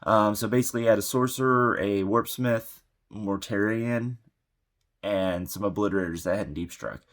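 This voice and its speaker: Man, low voice, casual tabletop game recap, rambling, lots of ums and restarts, a little under the weather. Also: moderate pace. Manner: rambling, many fillers and restarts. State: sick. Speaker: tabletop game channel host.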